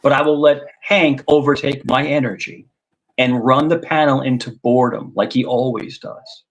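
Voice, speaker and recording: A man on a live stream panel, trolling with loud, repetitive teasing and constant overtalking. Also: medium pitch, fairly even intonation, moderate pace, rough recording.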